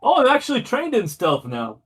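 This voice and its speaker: A man's voice: very high-pitched, wildly swooping pitch, brisk, husky, faint music behind. A man playing in a tabletop game, talking in a playful, giggly way. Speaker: player.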